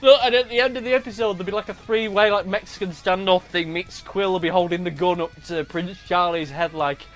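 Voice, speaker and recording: A man's voice: sits high, fairly even intonation, fairly quick, hardly any pauses, soft background music. A man rambling through a profane, comedic TV review monologue. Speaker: video reviewer.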